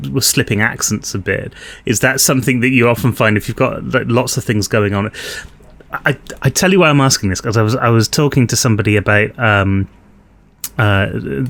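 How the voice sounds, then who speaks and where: A man's voice: fairly low pitch, gravelly, a bit bright. A man hosting a casual behind-the-scenes chat with a cast, jokey and rambling.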